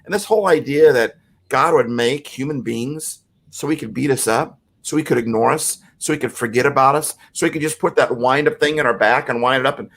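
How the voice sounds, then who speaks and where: A man's voice: mid-range voice, a little fast, creaky, a bit bright. A man on a podcast, speaking earnestly and reflectively about faith, often checking in with "right?" and "you know". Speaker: podcast co-host.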